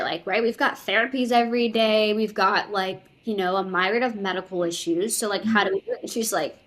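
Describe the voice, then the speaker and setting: A young adult woman, a podcast guest, telling a personal story in casual conversation, full of "like"s and lively quoted voices. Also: medium pitch, brisk, hardly any pauses. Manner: chatty, filler-heavy retelling with many "like"s, quoting others in lively voices.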